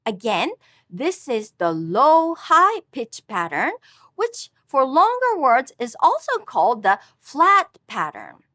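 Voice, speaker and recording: A woman narrating a scripted language lesson, speaking slowly and carefully as she models pronunciation. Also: high voice, huge pitch swings, pushed and bright, no echo, studio quality. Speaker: language teacher.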